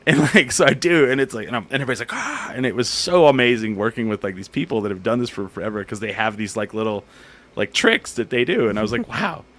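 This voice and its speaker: A man hosting a casual comedy talk show, telling an animated story and acting out what people said. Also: medium pitch, quick pace. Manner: animated storyteller, acts out quotes. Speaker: podcast host and comedian.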